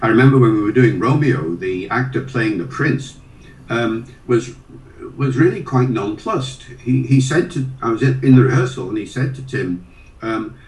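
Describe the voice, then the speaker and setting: A man's voice: mid-range voice, lively intonation, normal speed. Older man telling anecdotes, echoey and distant. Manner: storytelling with hesitations and fillers. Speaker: guest, linguist. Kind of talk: anecdotal interview talk. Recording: roomy sound from a distant mic.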